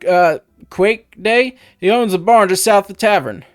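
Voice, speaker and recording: A man voicing a male village head in a game, with a slow country drawl and a chatty, evasive manner. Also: high-pitched, clean tone, no echo, clean studio sound, soft background music, pitched above the performer's own voice, close to an everyday voice. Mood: folksy.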